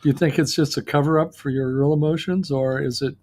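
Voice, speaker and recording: A man with a somewhat raised voice hosts a relaxed podcast conversation. He asks easygoing questions, then tells his own stories. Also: a little high, a little fast. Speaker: podcast host. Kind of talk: casual interview chat.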